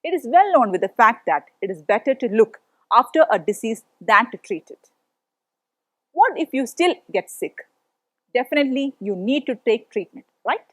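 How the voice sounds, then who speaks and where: A woman's voice: on the high side, no room sound. A woman with an Indian English accent teaching a school biology lesson, reading from a prepared text and putting questions to the class. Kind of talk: read-aloud lesson.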